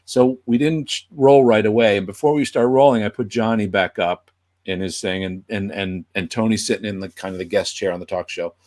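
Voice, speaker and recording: A man's voice: on the low side, fairly quick. A man, a guest puppeteer, telling a casual anecdote and acting out the people he quotes. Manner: animated, acts out quoted voices.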